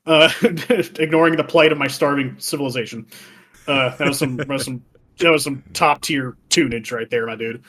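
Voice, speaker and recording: Bright-voiced man ranting about a game. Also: medium pitch, normal speed. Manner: profane, laughing, acts out game characters in voices. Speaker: podcast co-host. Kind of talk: casual gaming podcast chat.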